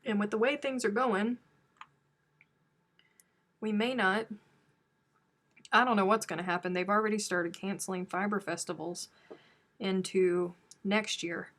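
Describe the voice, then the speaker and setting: A woman's voice: medium pitch, steady tone, a little slow, long pauses, a bit bright. A woman hosting a crochet live stream from home, chatting casually and teasing her viewers. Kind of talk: casual chat reading viewer comments.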